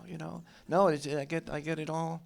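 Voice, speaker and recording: A man's voice: fairly high pitch, little pitch movement, moderate pace, creaky. An older man speaking as a cinematographer on a film panel, easygoing and rambling as he recalls things. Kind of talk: casual onstage panel chat. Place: film center stage before an audience.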